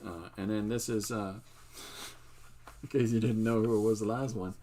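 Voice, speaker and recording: Older man, art channel host, low voice, meandering, self-amused, faint background hiss. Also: steady tone, measured pace, dark tone. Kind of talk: casual show-and-tell livestream.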